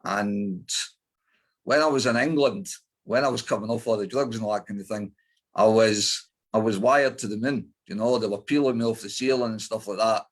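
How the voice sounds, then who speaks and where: A man's voice: on the low side, moderate pace. A middle-aged man with an Edinburgh Scottish accent, a guest in an interview, telling his life story bluntly with lots of swearing and fillers. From Scotland.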